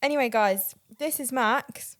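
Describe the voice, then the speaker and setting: A woman's voice: on the high side, unhurried, a bit bright, no echo, clean studio sound. A woman co-hosting a casual chat, upbeat and cooing at the dog. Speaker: podcast co-host.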